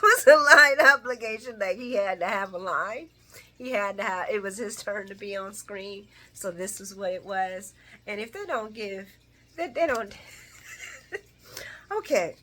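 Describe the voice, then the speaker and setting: Lively, bright-voiced woman recapping soaps. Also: fairly high pitch. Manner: animated, laughing, talks back to characters. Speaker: soap opera recap host. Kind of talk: casual recap chat.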